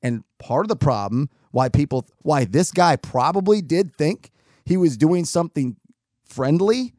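A man's voice: a little high, measured pace, dry recording, clean studio sound. A young adult man casually telling a personal story in a rambling, self-mocking way, full of restarts. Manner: animated, self-mocking, acts out quoted dialogue; rambling with frequent restarts and fillers.

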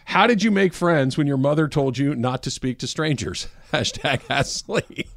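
A man's voice: mid-range voice, expressive, moderate pace, vocal fry, no echo, studio quality. A man co-hosting a casual sports radio show, reading listener questions aloud and laughing often. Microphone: studio microphone with headphones.

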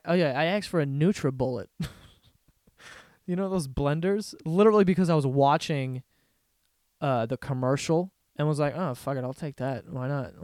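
A young man hosts a casual solo podcast, talking in a profane, sarcastic rant and slipping into mocking impressions of other people. His voice sits a little high for a man. The sound is dry and close, with no room echo. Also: a little mellow. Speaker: podcast host.

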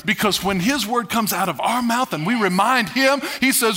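A male pastor preaching a sermon to a congregation, emphatic and animated, laughing as he goes. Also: very high voice, normal speed, few pauses.

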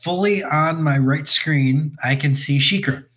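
A man co-hosting a casual podcast chat over drinks, joking and teasing with quick questions. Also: a little high, a bit bright, slightly rough, poor audio. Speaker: podcast co-host.

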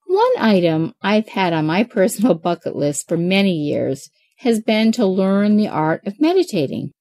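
A woman's voice: mid-range voice, a little mellow, no echo. A woman in her forties, a mother of eight hosting a parenting show, reading advice in an upbeat, chatty way. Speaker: parenting podcast host.

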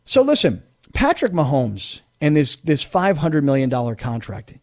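A man hosting sports talk radio, telling stories in an animated, chatty way. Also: fairly high pitch, normal speed. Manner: animated, storytelling, mock voices.

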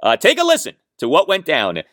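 A man hosts a sports podcast in a lively, swooping voice, wry and sarcastic. The sound is dry and close, with no room around it. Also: fairly high pitch, fairly quick, no echo. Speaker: podcast host.

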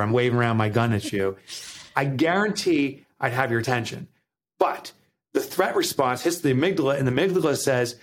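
Man, Jersey accent, guest author on a podcast, animated storyteller, middle pitch. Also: a little hiss or hum. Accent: New Jersey. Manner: animated storytelling, acts out quotes. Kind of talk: podcast interview.

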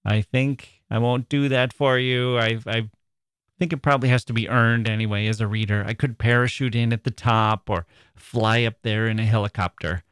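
A man hosting a literature podcast, reading passages from a novel aloud and then commenting on them in a measured, reflective way, sometimes searching for his words. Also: mid-range voice, fairly even intonation, a bit bright, clear, resonant tone, no echo, studio quality.

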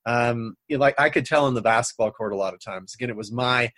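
A man guest on a coaching talk show, calmly explaining his personal philosophy like a trainer. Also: mid-range voice, fast, no echo. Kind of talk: conversational interview.

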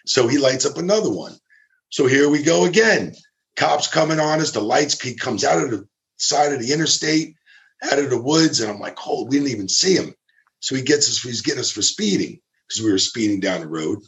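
A man's voice: medium pitch, lively intonation, brisk, gravelly, a bit bright. A man casually telling a long story, acting out quotes of the people in it, swearing and laughing as he goes. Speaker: storyteller guest.

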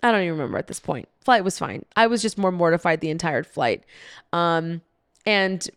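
A woman's voice: on the low side, animated, fairly quick, fairly bright tone, smooth, no echo, studio quality. A young adult woman hosting a podcast, telling a travel story in a chatty way, with lots of "like" fillers, frequent laughs and some swearing. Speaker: podcast host. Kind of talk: casual storytelling monologue.

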